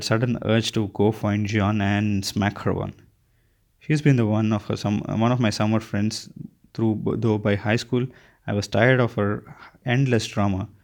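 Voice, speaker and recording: A man reading a first-person novel aloud, unpolished, often stumbling and restarting words. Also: fairly low pitch. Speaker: audiobook reader.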